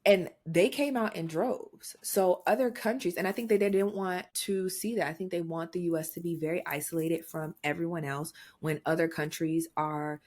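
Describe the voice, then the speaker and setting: A young adult woman co-hosting a podcast, talking in blunt, profane, animated rants in casual chat. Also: lowish voice, normal speed, few pauses. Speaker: podcast co-host.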